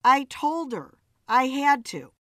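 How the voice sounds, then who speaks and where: In a storybook reading, a woman plays a blunt, wisecracking bartender with a lively, swooping voice. She speaks slowly and bluntly, and the sound is dry and close. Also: sits high, no echo, heavily acted. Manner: blunt, wry.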